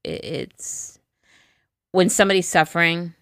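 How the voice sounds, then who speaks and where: A woman's voice: on the low side, measured pace, a bit bright, no echo, clean studio sound. A woman co-hosting a podcast in casual chat, sympathetic and blunt with a swear now and then. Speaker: podcast co-host.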